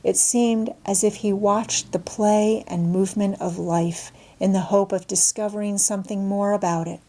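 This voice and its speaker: Woman reading a classic novel aloud. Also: mid-range voice. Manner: measured, expressive storytelling. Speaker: audiobook narrator.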